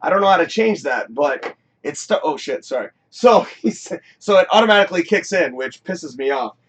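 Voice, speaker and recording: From a home studio, a man with a fairly high, slightly rough voice hosts a casual live-streamed talk show at normal speed. He rambles excitedly and curses without restraint.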